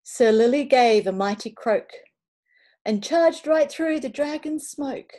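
A woman reading a children's picture book aloud over a video call, expressive and playful, slipping into whispers and little asides. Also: sits high, slow pace. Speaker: children's storybook reader.

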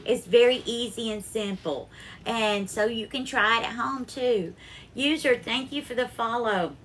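This Alabama woman's fairly high, fairly bright voice moves at a measured pace over slight background noise. She runs a casual cooking livestream from her kitchen at home, Southern accent and all, gushing over viewers by name, calling them darling, and greeting them in a bubbly sing-song.

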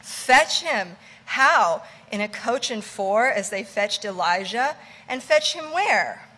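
A woman voicing a brash male ship's mate who teases and commands loudly. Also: on the high side, animated, slow, long reverb tail, heavily acted. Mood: bossy teasing. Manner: loud, teasing, commanding.

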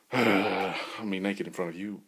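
A man rambling through a crude, joking solo monologue as a podcast host, swinging into loud bursts of mock bravado. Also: low voice, fairly even intonation, unhurried, breathy edge.

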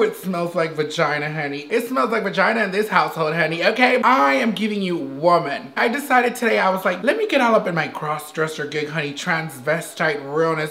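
A man's voice: high voice, creaky, fairly bright tone. A man vlogging about makeup in a campy, sassy way, calling everyone "honey". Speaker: beauty vlogger. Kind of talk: casual chat. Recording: roomy echo.

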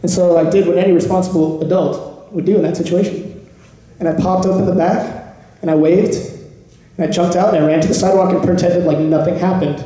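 A man on a convention podcast panel telling a story with lots of laughter and animated energy. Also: high voice. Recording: echoey hall, panel mic.

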